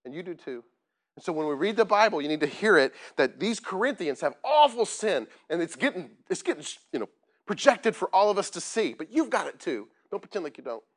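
Lively, conversational male preacher. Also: high voice, a little fast. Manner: conversational, asks the congregation questions; plain-spoken, self-deprecating. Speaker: pastor. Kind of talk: sermon.

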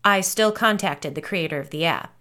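A woman's voice: fairly low pitch, normal speed, bright, forceful tone. A woman voicing a stern, skeptical father who talks in a curt, insistent way in an audiobook.

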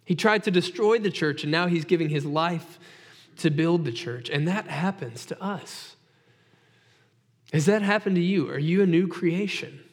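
A man's voice: a little high, normal speed. A male pastor preaching a sermon in a conversational way, asking his listeners direct rhetorical questions. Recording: long hall reverb.

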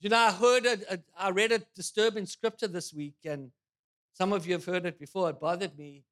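A male pastor preaching in a church with a notably high, bright voice that cuts through the room. He jokes with the congregation and fires off rhetorical questions in an animated sermon style. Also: a little fast.

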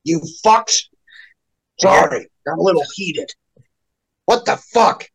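A man's voice: high voice, expressive, measured pace, creaky, breathy edge, rough recording. A man in a casual podcast chat, ranting heatedly with constant swearing and mocking impressions of other people. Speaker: podcast guest. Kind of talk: profane casual rant.

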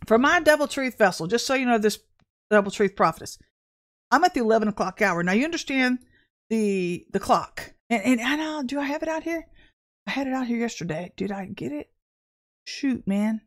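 A woman giving an informal prophetic message to her viewers, talking in an animated, emphatic way with sudden exclamations. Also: on the high side, normal speed. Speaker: self-described prophetess.

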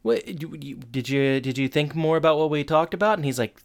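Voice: mid-range voice, expressive, brisk, few pauses. A podcast co-host chatting casually while recapping a TV episode, adding dry asides and voicing the quotes. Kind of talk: casual chat.

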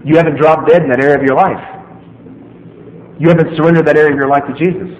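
A man delivers a sermon in a high, swooping voice, emphatic and quick to joke at his listeners. His words ring through a large, echoey hall, and the recording sounds dull and lo-fi. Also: fairly even intonation, a little hiss or hum. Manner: emphatic, joking, talks straight to the listeners. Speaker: preacher.

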